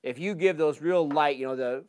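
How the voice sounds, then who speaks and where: A man presenting a live talk to an audience on a handheld mic, casual and energetic, with lots of fillers. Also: a little high, moderate pace, very noisy. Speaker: hunting seminar presenter.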